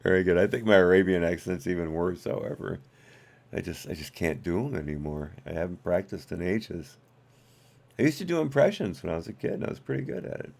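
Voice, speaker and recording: A man's voice: sits low, lively intonation, a little fast, creaky, darkish tone. A man hosting a live stream, reading documents aloud and breaking off for wry asides and corrections to his chat.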